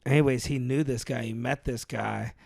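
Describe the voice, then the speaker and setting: A man's voice: mid-range voice, steady tone, normal speed, creaky, a little mellow, no room sound, clean studio sound. A man co-hosting a podcast, telling a rambling, slangy story with laughs. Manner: rambling anecdotal, laughs often, slangy "dude". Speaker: podcast co-host. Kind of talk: casual storytelling chat.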